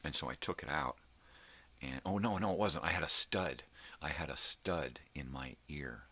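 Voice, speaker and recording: A man's voice: a bass voice, normal speed, bright, forceful tone, breathy edge. A middle-aged man hosting his own morning vlog, ranting and rambling casually with plenty of swearing. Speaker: vlogger host.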